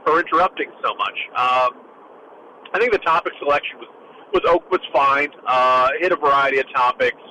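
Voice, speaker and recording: A man talking casually as a political commentator, animated and jokey, with quick asides. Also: on the high side, slight background noise, poor audio.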